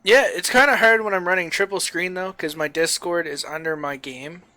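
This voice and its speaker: Chatty bright-voiced male game streamer. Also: sits high, normal speed. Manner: upbeat and chatty, with loud showman greetings. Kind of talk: casual gameplay chat.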